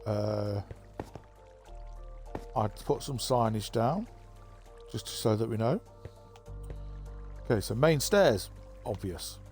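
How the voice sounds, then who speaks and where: A man giving a relaxed, rambling tour of his game map, thinking aloud with plenty of fillers. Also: fairly low pitch, takes it slowly, pauses often. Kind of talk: casual gameplay commentary. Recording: faint background music.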